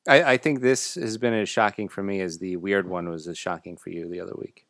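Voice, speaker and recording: A man's voice: deep voice, fairly quick, a bit bright, no room sound, studio quality. A man co-hosting a podcast, laid-back and teasing, reading listener emails. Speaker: podcast co-host. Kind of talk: casual chat.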